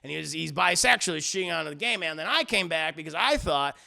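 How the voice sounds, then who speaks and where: Male reviewer, gravelly and bright, casual profane recap, acts out every line. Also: fairly high pitch, animated, quick pace. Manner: rambling, profane, acts out the lines. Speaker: music reviewer.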